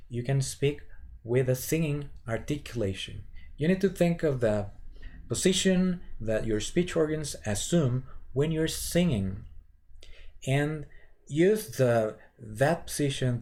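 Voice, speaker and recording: A man teaching voice warm-up exercises in a halting way, with many fillers and restarts, sometimes counting aloud. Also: fairly high pitch, expressive. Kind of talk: instructional lecture with vocal demonstrations.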